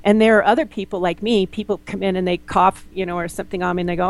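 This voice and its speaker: A woman naturopath being interviewed, talking bluntly and telling lively stories, often acting out what people said. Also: on the low side, fast, poor audio. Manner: blunt, animated storyteller, quotes people in lively voices. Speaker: naturopath guest. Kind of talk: candid interview conversation.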